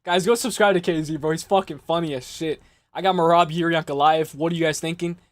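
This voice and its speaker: Young man, livestream host, high voice, loose and profane, dry close sound. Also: fairly even intonation, quick pace, no echo. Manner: loose and profane, exasperated, mocking. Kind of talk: casual livestream chat.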